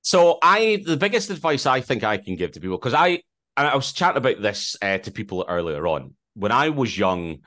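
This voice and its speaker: A man with a Scottish accent, a podcast co-host answering interview questions loudly and slowly. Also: medium pitch, sing-song, dry recording. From Scotland. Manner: loud and slowly spoken.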